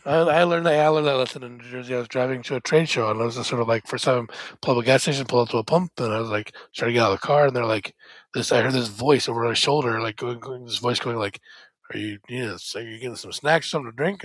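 A man co-hosts a podcast, chatting casually and rambling with lots of fillers and restarts. His mid-range voice moves fast with fairly even intonation, and there's no echo.

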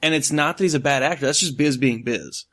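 A man co-hosting a casual movie review chat, animated and joking, laughing often as he riffs. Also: mid-range voice, fairly quick. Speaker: podcast co-host.

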